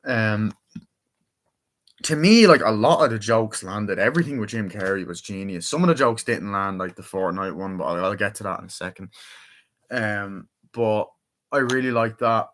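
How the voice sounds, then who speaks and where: A man's voice: lowish voice, moderate pace, fairly bright tone. A young man chatting casually through a movie review, rambling and swearing freely as he retells favorite scenes.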